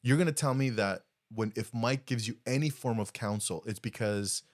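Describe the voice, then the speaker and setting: This man co-hosts a podcast, his medium-pitched voice moving at a moderate clip through casual conversation. He spins a story animatedly, acting out each quote.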